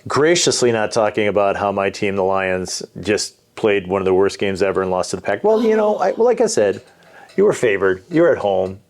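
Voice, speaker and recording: A man's voice: on the low side, very animated, fairly quick, a little mellow. A man who is a pastor and podcast co-host, chatting casually and telling a rambling anecdote with many restarts. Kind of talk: casual chat.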